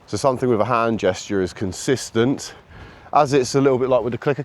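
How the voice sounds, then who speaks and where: A man talking casually while he walks his dog outdoors, calling out to it in a high sing-song voice between remarks on training, recorded on a camera he carries. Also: fast talker. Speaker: dog owner and trainer filming a walk. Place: outdoors on a countryside walk. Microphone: camera carried while walking.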